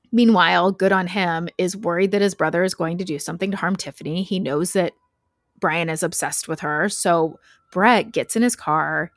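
A woman's voice: lowish voice, no echo, studio quality. A woman hosting a podcast, casually telling a true crime story with frequent fillers and laughs. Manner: chatty, laughs often, lots of "like" fillers.

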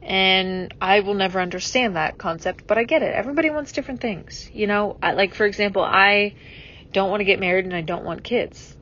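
A woman's voice: mid-range voice, fairly quick, fairly bright tone, muffled recording. A young adult woman hosting a solo podcast, musing reflectively and rambling with many fillers and restarts. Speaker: podcast host.

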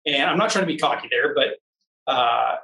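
A man's voice: medium pitch, animated, moderate pace, vocal fry, sharp tone, echoey room, far from the mic, low-quality recording. A man casually telling a story about off-road racing, rambling and searching for words, often acting out what others said. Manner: rambling, searches for words, acts out quoted dialogue. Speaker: off-road racer.

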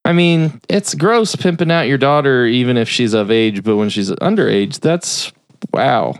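A man's voice: medium pitch, expressive, a little slow, clear, resonant tone, dry recording, clean studio sound. A man hosting a podcast, casually retelling a film's plot and briefly doing voices for the characters. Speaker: podcast host. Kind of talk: casual film recap.

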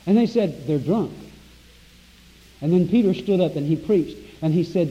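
Fiery preacher in an echoing church. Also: male voice, a little high, lively intonation, moderate pace, pauses often. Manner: emphatic, rising to loud exclamations. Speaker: pastor. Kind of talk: sermon. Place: church sanctuary. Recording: dull lo-fi recording with long hall reverb.

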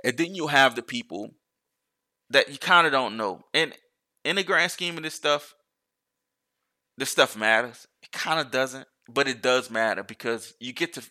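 A man's voice: medium pitch, moderate pace, pushed and bright. A man talking in a casual, rambling monologue, swearing freely and restarting his sentences often.

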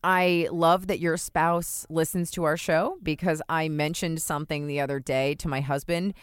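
A woman co-hosting a podcast in casual chat, her voice sitting a little low for a woman. She tells stories with lots of "like" and quick laughs. The sound is dry and close, with no room around it. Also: fairly even intonation, clean tone, no room sound. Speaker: podcast co-host.

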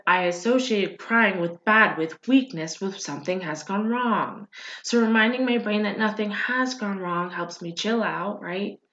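A woman's voice: mid-range voice, a bit bright. A woman hosting a podcast, talking casually and earnestly to listeners, reassuring them and often checking in with "right?". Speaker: podcast host and coach. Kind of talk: casual motivational talk. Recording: roomy, dull lo-fi sound.

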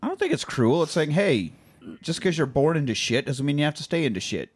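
A man's voice: a little high, very animated, brisk, husky. A man co-hosting a movie rewatch podcast, chatting casually and cursing while retelling scenes. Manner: profane, retells movie scenes in acted quotes. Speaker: podcast co-host. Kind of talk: casual chat.

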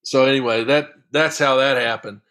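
A man, a long drive golfer, telling a casual anecdote as an interview guest, lively and often chuckling. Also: medium pitch, moderate pace.

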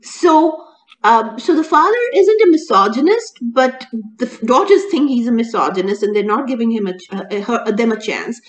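A woman co-hosting a casual chat, talking in an animated way with many restarts and laughs. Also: fairly high pitch, normal speed, rough recording. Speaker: co-host reviewing a TV serial.

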